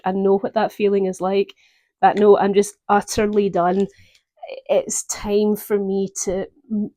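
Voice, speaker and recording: A woman giving a gentle, reflective tarot reading, pausing often to think. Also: medium pitch. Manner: gentle, reflective, with pauses and fillers. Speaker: tarot reader.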